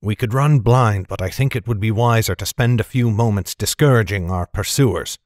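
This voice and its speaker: A man's voice: fairly low pitch, moderate pace, no echo, studio quality, lightly acted. A man voicing a stern, grave wizard. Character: wary male mage, stern and terse.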